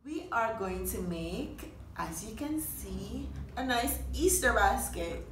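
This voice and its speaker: A woman hosts a children's storytime and craft session, talking gently and slowly as she guides young kids step by step. Her voice sounds roomy and echoey, with a faint hiss underneath. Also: on the high side, expressive, distant mic. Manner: gentle, instructive, speaks to the children directly. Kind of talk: reading aloud and craft demo for preschoolers. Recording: echoey room, faint noise.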